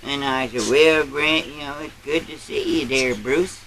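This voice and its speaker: A man's voice: medium pitch, a little slow, a crowd in the background, close to an everyday voice, low-quality recording. A man playing a boastful old country grandpa, telling a rambling tall tale in a folksy drawl. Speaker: storyteller. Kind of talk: character storytelling.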